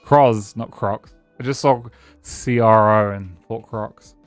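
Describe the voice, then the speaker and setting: A man's voice: fairly low pitch, fairly even intonation, slow, smooth, soft background music. A man streaming a game live, rambling casually and answering his chat as he plays. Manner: rambling, chatty, answers chat and thanks followers.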